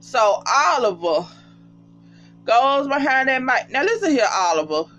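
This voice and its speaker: A casual reality TV recapper talking straight to viewers, often breaking into high, cracking laughter. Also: big pitch swings, measured pace, pushed and bright. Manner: chatty, addresses viewers as y'all. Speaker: TV show recapper. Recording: dull lo-fi sound with faint hum.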